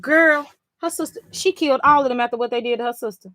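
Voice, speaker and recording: A woman's voice: high voice, quick pace, sharp tone, no echo. A woman reading comics live on stream, reacting emphatically, swearing and talking straight to her chat.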